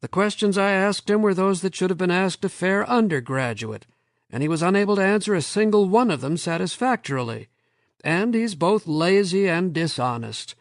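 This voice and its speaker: A man voicing a weary, stubborn male professor who speaks quietly but firmly. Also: high-pitched, expressive, normal speed, dry recording, studio quality, pitched above the performer's own voice. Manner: tired, quiet, firm.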